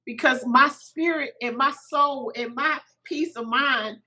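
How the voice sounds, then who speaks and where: Bright-voiced woman telling an emotional story. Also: high-pitched, a little slow, rough recording. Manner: animated, acts out quoted voices. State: a little teary-eyed. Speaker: podcast guest.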